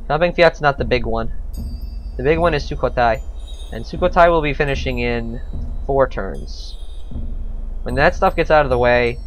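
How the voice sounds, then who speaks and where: A man's voice: mid-range voice, moderate pace, pauses often, slight background noise. A man giving casual let's-play commentary on a strategy game, thinking aloud with frequent hesitations.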